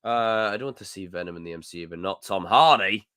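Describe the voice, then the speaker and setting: A young man with a Scottish accent chats live with his viewers, ranting and joking in an animated way. His voice sits a little low but sounds bright and forceful. The sound is dry and close. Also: fast talker, smooth, no echo. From Scotland. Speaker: livestream host. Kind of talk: casual live chat reading comments.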